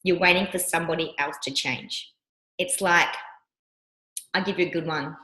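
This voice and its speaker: Speaking at a normal speed in a rather low voice, this woman coach leads a workshop. She tells stories from her own life with animated flair, performing the voices she quotes, while the space around her adds a roomy echo.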